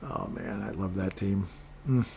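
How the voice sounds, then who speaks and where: A man's voice: sits low, unhurried, vocal fry, mellow, slight background noise. A man from Minnesota hosting a sports podcast, rambling casually with sarcastic asides and frequent restarts.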